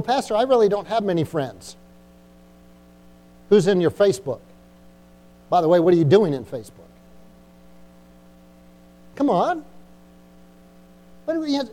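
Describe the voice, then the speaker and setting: A man's voice: high voice, dark tone. A middle-aged male pastor preaching a sermon in church, exhorting and repeating himself, often asking the congregation "Amen?". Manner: repetitive, exhorting, frequent "Amen?" and "Come on".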